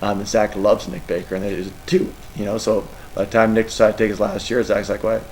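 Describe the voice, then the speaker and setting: A man's voice: fairly low pitch, little pitch movement, quick pace, darkish tone, slight background noise, poor audio. A middle-aged man, a college football coach, answering press questions in an emotional, rambling way. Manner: emotional, rambling, tearful at times.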